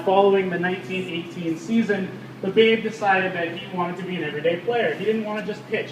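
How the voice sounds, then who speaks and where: A man leading a guided ballpark tour, telling stories and quizzing the group. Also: high voice. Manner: storytelling, quizzes the crowd. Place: outdoors at a ballpark. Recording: distant and echoey, with background noise.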